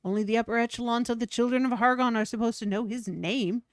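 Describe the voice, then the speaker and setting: A woman's voice: a little high, fairly even intonation, fast, no echo, clean studio sound, close to an everyday voice. A woman reading a fanatical cult priestess's game lines aloud in a pompous, theatrical voice. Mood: indignant.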